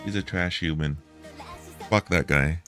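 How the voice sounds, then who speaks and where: A man's voice: sits low, unhurried, a bit bright, soft background music. A man streaming a reaction video, talking in a heated, profane, repetitive way.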